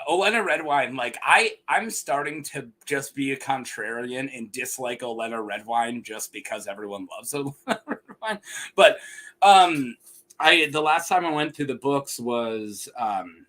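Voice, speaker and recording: Young male host, casual chat, bright forceful voice, chuckles through rambling stories. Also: mid-range voice, expressive, measured pace. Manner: laughs often, rambling, mimics voices. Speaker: podcast host.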